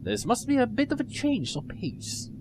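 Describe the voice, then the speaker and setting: A man voicing a calm, inquisitive male ship's doctor in a video game playthrough. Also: extremely high pitch, moderate pace, background noise, voice pushed up, heavily acted.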